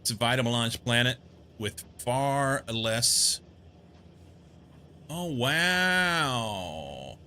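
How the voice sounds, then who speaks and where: A man's voice: medium pitch, lively intonation, extremely slow, pauses often, pushed and bright, slight background noise. A man casually commenting on his game as he plays, rambling and amused, thinking aloud. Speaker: gameplay streamer.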